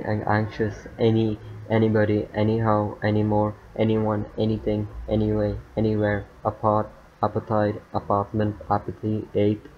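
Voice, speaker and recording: Monotone man reading a word list. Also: lowish voice. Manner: monotone word list with fillers, stumbles and muttered asides. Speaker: youtuber. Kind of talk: reading dictionary words aloud. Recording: dull lo-fi mic with faint noise.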